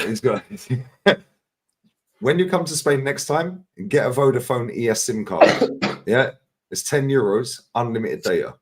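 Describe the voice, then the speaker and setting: Guy ranting in casual chat, lots of bro and yeah, swears, mid pitch. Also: slightly rough. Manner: animated, swearing, says "bro" and "yeah" a lot.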